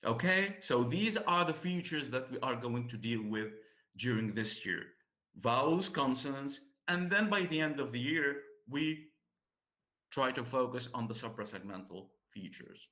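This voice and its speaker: A man teaching a class about pronunciation, speaking slowly. He repeats himself and checks with his students as he goes. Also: medium pitch, animated, sharp tone, roomy sound.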